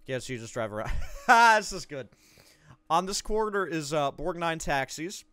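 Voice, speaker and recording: Lively, bright-voiced man doing game commentary. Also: on the high side, normal speed, clear, resonant tone, dry recording. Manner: reads a game guide aloud with joking asides. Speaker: gaming video creator. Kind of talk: let's play commentary.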